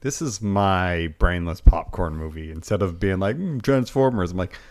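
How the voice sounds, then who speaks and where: Male podcast co-host, very deep voice, relaxed and agreeable conversational chat. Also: normal speed. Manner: easygoing, agreeable.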